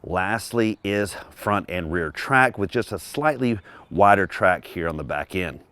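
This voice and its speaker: A man giving a casual walk-around car review, talking in a relaxed, descriptive, conversational way. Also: sits low, measured pace, no echo.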